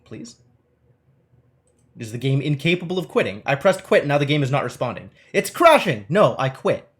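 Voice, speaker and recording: A man's voice: a little high, normal speed. A man streaming a game live, chatting to viewers, scolding the game and reading its story text aloud. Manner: chatty, talks back to the game and chat, animated.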